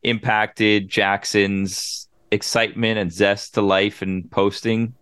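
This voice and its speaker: A man's voice: lowish voice, level tone, slow, a bit bright, clean tone, no room sound, clean studio sound. A man co-hosting a podcast, chatting casually and rambling with many fillers. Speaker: podcast co-host. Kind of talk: casual chat.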